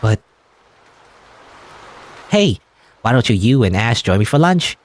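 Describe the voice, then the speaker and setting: A man's voice: mid-range voice, big pitch swings, slow pace. A man voicing a bubbly, insistent schoolgirl classmate in a game he reads aloud. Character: pushy, chirpy schoolgirl classmate.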